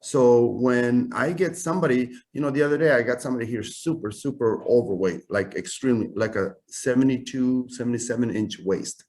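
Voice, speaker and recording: A man's voice: mid-range voice, a little fast, few pauses. Self-assured middle-aged man, chatty. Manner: animated, self-assured, frequent "right?" tags. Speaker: interview guest, suit maker. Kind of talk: casual interview talk.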